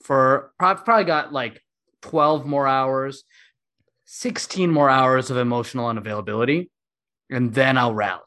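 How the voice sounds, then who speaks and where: A man's voice: medium pitch, normal speed, pushed and bright. Brief: a talkative male host for a casual podcast, self-mocking and upbeat. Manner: chatty, self-deprecating, laughs often.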